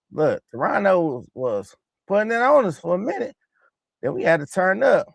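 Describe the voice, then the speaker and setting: Gravelly-voiced man reacting excitedly. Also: high voice, measured pace, no room sound. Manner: excitable, slangy, repeats himself. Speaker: host of a basketball reaction channel. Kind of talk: casual reaction commentary over game highlights.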